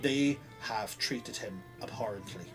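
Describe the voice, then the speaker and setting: A man's voice: on the low side, a little slow, a bit bright, faint music behind, pitched below the performer's own voice. A man voicing a fussy, anxious young elf groomer who mutters worriedly to himself in a tabletop game. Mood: fretting. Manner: mutters worriedly, fretting and precise.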